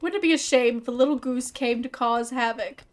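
Bubbly high-voiced woman gamer. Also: brisk, soft background music. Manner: bubbly, playful, chatty with viewers; casual swearing. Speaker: gaming streamer. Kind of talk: let's play commentary.

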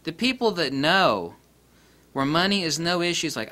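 Guy ranting about lenses, bright forceful voice, cussing and mocking, loud then low. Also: normal speed. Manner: blunt, profane, mocking; dramatic swings in pitch and loudness. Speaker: camera lens reviewer. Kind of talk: casual opinionated rant.

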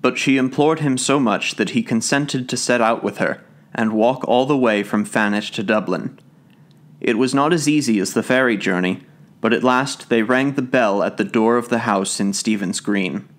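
Steady male folk tale narrator. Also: medium pitch, moderate pace. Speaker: audiobook narrator. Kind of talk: scripted narration of folk tales.

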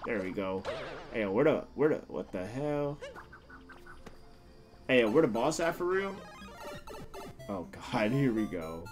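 A man streaming a video game live, reacting loudly and crudely and talking back to the characters on screen. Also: medium pitch, sing-song, slow, long pauses, over music. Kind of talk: live gameplay commentary.

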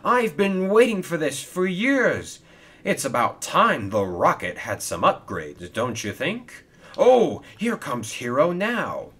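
A man voicing an impatient, excitable young male steam engine in a storybook reading, with an eager, high-strung delivery. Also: unhurried, few pauses, slightly rough, full character voice. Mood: giddy.

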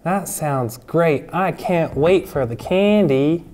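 An earnest young puppet boy, voiced by a man, talks slowly and sincerely in a children's church skit. His tone is soft and mellow, and he sounds eager, apologetic and easily upset. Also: a little high, animated.

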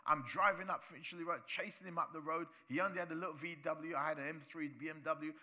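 Pastor preaching in church, high voice, acts out little voices to make his point. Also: steady tone, quick pace, bright, forceful tone. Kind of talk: sermon.

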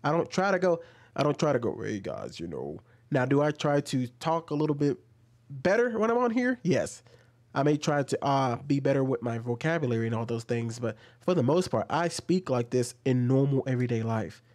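A man's voice: medium pitch, expressive, a little fast, darkish tone. Argumentative man ranting over clips. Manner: argumentative, rising into heated ranting. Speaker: commentator reacting to clips. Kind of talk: reaction video commentary.

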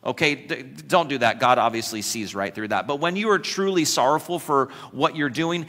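The sermon comes from a pastor whose medium-pitched voice is a bit bright, spoken at normal speed with few pauses. He jokes with the congregation, voices quotations dramatically with humorous asides, and the church recording has long hall reverb.

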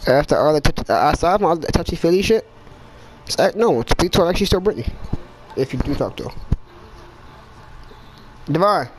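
A man's voice: a little high, animated, a little fast, pauses often, slight background noise, low-quality recording. A man chatting casually with a friend during an online game, profane and slangy, trading banter and blunt advice. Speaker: gamer in voice chat. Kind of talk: casual gaming chat.

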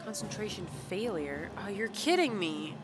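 A woman's voice: mid-range voice, big pitch swings, normal speed, heavy background noise. Chatty woman streaming a game. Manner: chatty, reacts aloud, reads game dialogue. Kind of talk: live let's-play commentary.

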